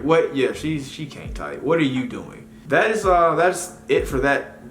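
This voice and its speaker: A man's voice: medium pitch, a bit bright. Slangy guy rambling through a vlog, echoey room, bit of music underneath. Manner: rambling, slangy, many fillers. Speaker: commentary vlogger. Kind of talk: casual commentary.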